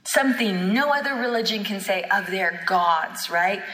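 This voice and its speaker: A woman's voice: medium pitch, animated, normal speed, a bit bright. A woman teaching a sermon at a healing school, fervent and emphatic, acting out bits of dialogue as she goes. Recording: echoey hall with long reverb.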